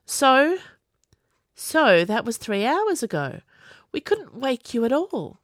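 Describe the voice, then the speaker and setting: A woman's voice: high-pitched, big pitch swings, slow, dry recording, studio quality, voice pushed up, heavily acted. A woman reading as a fierce, worried young woman who insists and demands answers.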